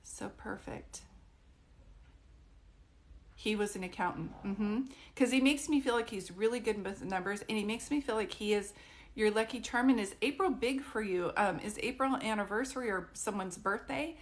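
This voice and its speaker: A woman psychic medium gives a casual live-stream reading in a mid-range voice at a moderate pace. Warm and reassuring, she keeps checking that things make sense, often asking "do you know what I mean?".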